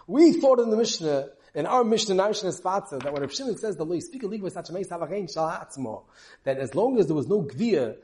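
Man, rapid Talmud lecture, fairly high voice. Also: darkish tone. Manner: rapid, mixing English with Hebrew and Yiddish terms. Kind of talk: in-depth Talmud class.

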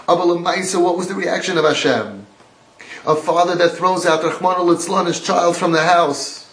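A man's voice: high voice, moderate pace, fairly bright tone. A man giving a sermon-style religious lecture, emphatic and repetitive, quoting from texts. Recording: roomy echo.

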